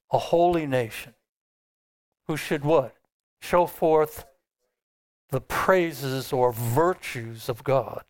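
A man preaching in a slow, deliberate way, putting questions to his listeners and answering them himself. His voice sits a little high for a man and sounds smooth and clear. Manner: unhurried and emphatic, with filler restarts. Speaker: pastor. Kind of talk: sermon.

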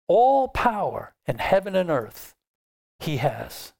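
A man's voice: on the high side, huge pitch swings, creaky, darkish tone. A man preaching a sermon as pastor, asking his listeners questions and answering them himself, emphatic with some restarts. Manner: unhurried and emphatic, with filler restarts.

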